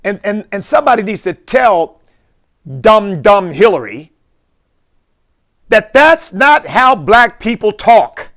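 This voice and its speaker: A man's voice: sits high, very animated, takes it slowly, pauses often, a bit bright. A man, a bishop, giving impassioned preaching-style commentary full of rhetorical questions.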